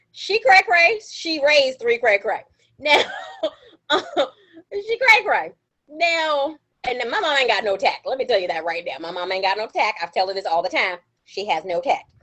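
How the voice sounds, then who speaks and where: A young woman chats on a podcast, spinning animated stories and hammering her points with slang and repetition. Her voice sits high and swings up and down all the time. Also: moderate pace, low-quality recording. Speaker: podcast co-host. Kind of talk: casual chat.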